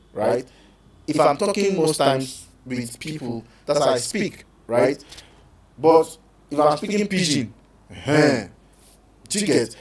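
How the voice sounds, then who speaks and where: A man with a Nigerian accent hosting a live call-in show on relationships, talking in an animated way, slipping into pidgin and acting out quotes. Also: mid-range voice. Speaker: radio show host. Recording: echoey room, distant from mic.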